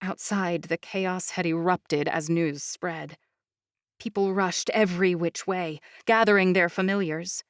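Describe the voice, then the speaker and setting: A woman's voice: lowish voice, steady tone, a little slow, no room sound. Woman narrating an audiobook, dry. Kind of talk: scripted first-person narration.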